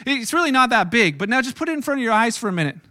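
A man preaching a casual sermon to a live congregation, telling the story in an animated, chatty way with lots of restarts. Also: very high voice, rapid-fire, no echo, studio quality. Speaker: pastor. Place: church hall with a live congregation.

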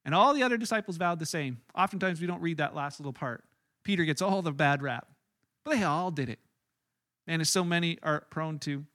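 A man preaching a sermon in a casual, animated storytelling style. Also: a little high, dry recording, clean studio sound. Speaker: pastor.

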